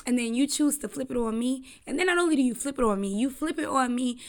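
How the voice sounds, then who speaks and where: A woman's voice: sits high, fast talker. A woman hosting her own podcast, talking casually and bluntly, with a lot of slang and swearing. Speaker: podcast host. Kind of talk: casual solo podcast chat.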